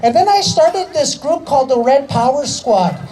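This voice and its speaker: A man's voice: very high-pitched, expressive, moderate pace, mellow, faint music behind, rough recording. A man telling a comedy story on an outdoor stage, chatty and hyping up the crowd, often adding "eh". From Canada. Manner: chatty, tags lines with "eh", hypes the crowd. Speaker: stand-up comedian and rapper. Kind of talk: stand-up storytelling.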